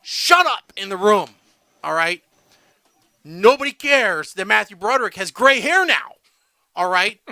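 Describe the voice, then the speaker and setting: A man's voice: sits high, big pitch swings, a little slow, long pauses, pushed and bright, dry recording. A man co-hosting a casual podcast, ranting and tagging his points with "all right?". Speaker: podcast co-host.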